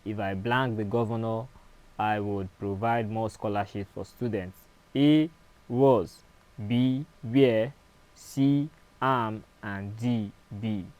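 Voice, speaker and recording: A man's voice: on the low side, takes it slowly, darkish tone, rough recording. A man, reading exam questions aloud and explaining the answers as a teacher, repeating each question and stressing the key words.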